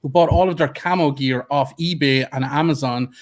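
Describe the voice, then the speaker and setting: A man's voice: medium pitch, moderate pace. An Irish man, a guest on a casual panel chat over a video call, talking in a blunt, sarcastic way.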